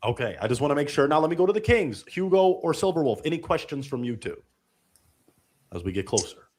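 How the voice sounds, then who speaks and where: Animated man hosting a live dating show. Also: a little high, quick pace. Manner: lively, playful, hype-man praise. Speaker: host.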